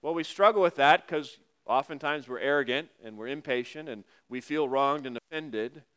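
A man preaching a conversational sermon, reading scripture slowly and adding wry asides to his listeners. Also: medium pitch, a bit bright, smooth. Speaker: pastor.

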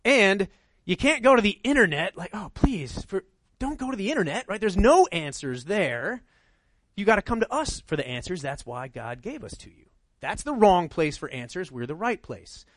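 A man's voice: sits high, very animated, normal speed, fairly bright tone, no room sound. A middle-aged male pastor preaching a sermon in a conversational way, often checking in with "right?".

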